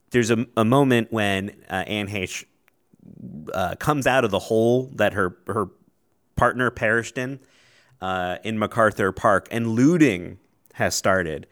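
A low-voiced man co-hosting a relaxed podcast. He snaps off one-word verdicts and then wanders into longer, filler-laden explanations in an easygoing tone. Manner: gives short, dry verdicts, then rambling explanations with fillers. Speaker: podcast co-host. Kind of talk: casual podcast chat.

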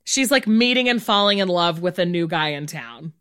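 A woman's voice: fairly low pitch, lively intonation, normal speed, fairly bright tone, smooth. A woman co-hosting a casual movie recap chat, giggly and chatty, with lots of "like". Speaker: podcast co-host.

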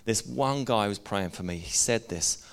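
A man's voice: on the low side, moderate pace, gravelly, clean tone. A middle-aged man, preaching a sermon in an earnest, conversational way and sharing personal stories. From Northern Ireland. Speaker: pastor.

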